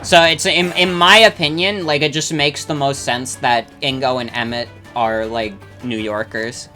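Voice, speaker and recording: A young adult streamer talks through a game session in a loose, filler-packed ramble, swearing freely and answering chat. The voice is bright and forward. Game music plays faintly underneath. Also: mid-range voice, steady tone, moderate pace. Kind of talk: casual chat while gaming, reading chat.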